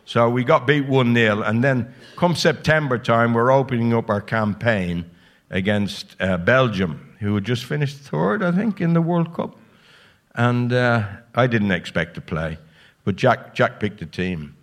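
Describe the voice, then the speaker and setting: A man in his sixties spins stop-start, salty stories as a guest on a live show. His voice sits at a mid pitch and he swears freely while he talks. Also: lively intonation, a little slow. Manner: salty, swearing, full of restarts. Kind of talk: anecdotal storytelling.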